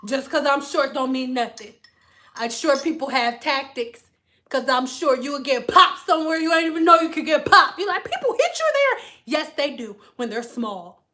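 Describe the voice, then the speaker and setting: A woman's voice: sits high, moderate pace, bright, forceful tone. A young woman from Detroit chatting casually on a livestream, rambling and laughing a lot as she talks. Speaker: vlogger.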